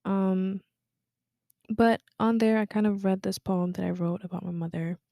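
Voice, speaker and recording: Teen girl podcaster from guinea, chatty w lots of "like", low warm fry, dry sound. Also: steady tone, moderate pace, dry recording. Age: teens. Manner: chatty, many "like" fillers, drops to a whisper at times. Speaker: podcast host. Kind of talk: casual personal podcast with poetry reading.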